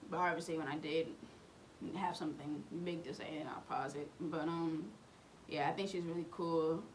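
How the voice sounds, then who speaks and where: A woman's voice: on the low side, a little hiss or hum. A young woman from Oklahoma with a Southern US accent, hosting a reaction video in an easygoing, rambling way full of fillers. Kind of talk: casual reaction commentary.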